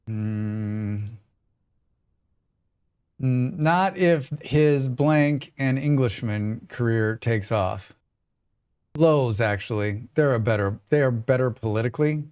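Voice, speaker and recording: A man's voice: medium pitch, slow pace, a little mellow, clean tone. An American man chatting casually and joking with his chat while he plays a survival game on a live stream.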